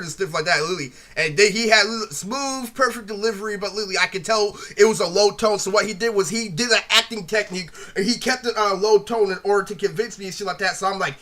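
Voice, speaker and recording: A man rants at a rapid clip, rambling bluntly and swearing as he retells a quarrel. His voice is high for a man, bright and sharp-edged, and he keeps circling back to the same filler words. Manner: rambling, repeats "literally" constantly, blunt and profane. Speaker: vlogger retelling a feud. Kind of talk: ranting monologue.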